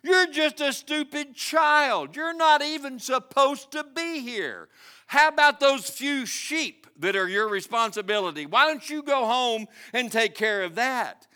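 Brief: furious, mocking big brothers, as a preacher acts them out, bright and forceful. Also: male voice, very high-pitched, lively intonation, a little slow, clear, resonant tone, pitched above the performer's own voice, full character voice. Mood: scornful. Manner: scolding, mocking. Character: angry older brothers, scornful young men.

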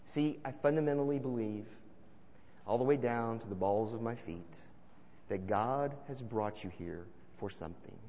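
A man preaching a sermon, telling stories and swinging between loud calls and hushed asides. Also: mid-range voice, moderate pace, big-room sound, lo-fi sound. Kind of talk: sermon with storytelling.

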